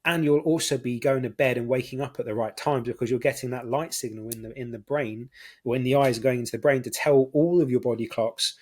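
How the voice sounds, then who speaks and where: A man's voice: medium pitch, fairly even intonation, brisk, darkish tone. A man from Britain hosting a podcast, explaining his ideas in an enthusiastic casual chat. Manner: enthusiastic, explanatory, many fillers. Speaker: podcast host.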